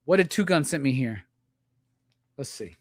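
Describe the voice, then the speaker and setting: A man hosting a live stream, unboxing gifts and gushing with loud, profane excitement. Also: a little high, normal speed. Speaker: live show host.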